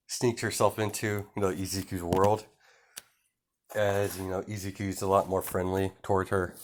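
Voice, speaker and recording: Brief: lower-voiced guy, casual rambling fan storytelling, lots of fillers. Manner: rambling, many fillers, chuckles often.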